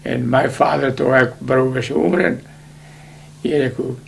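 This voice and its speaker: A man in his eighties with a Macedonian accent, telling his life story in an animated way for an oral history interview. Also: medium pitch, measured pace, creaky, slight background noise. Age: 80s. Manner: animated storytelling, switching between languages.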